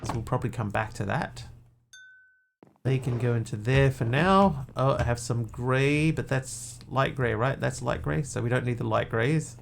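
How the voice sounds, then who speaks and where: A man's voice: medium pitch, normal speed, gravelly, slight background noise. A man streaming a game, thinking aloud, counting items under his breath and chatting casually with viewers. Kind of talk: casual chat while playing a game.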